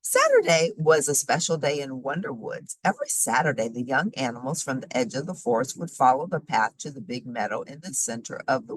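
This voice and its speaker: A woman reads a children's storybook aloud with a low, husky voice that swoops up and down with great expression. The sound is dry and close, with no room around it. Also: dry recording, poor audio. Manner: animated, sing-song reading. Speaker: storybook reader.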